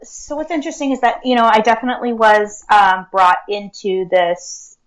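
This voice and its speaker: A woman's voice: mid-range voice, expressive, moderate pace, rough recording. A woman speaking as an interview guest, talking earnestly in a casual way with many fillers like "like" and "um". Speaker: guest, akashic records reader and teacher.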